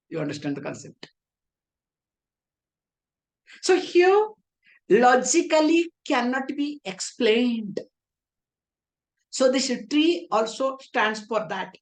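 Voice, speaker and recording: This woman teaches scripture in English as a spiritual teacher, regularly asking herself rhetorical questions and then answering them, sprinkling in playful teasing remarks. She sounds animated, with a slightly high voice and a slightly slow delivery.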